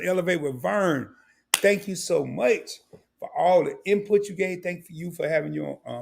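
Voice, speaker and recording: Gravelly-voiced older man hosting a livestream. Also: on the high side. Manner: candid, rambling, emotional. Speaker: livestream host. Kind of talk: casual livestream talk.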